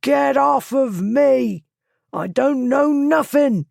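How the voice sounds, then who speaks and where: Narrator voicing a grubby male thief, shrill, strained, shrieking in panic, audiobook character. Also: big pitch swings, measured pace, vocal fry, dark tone, no room sound, studio quality, full character voice. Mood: panicked shrieking. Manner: screaming protests.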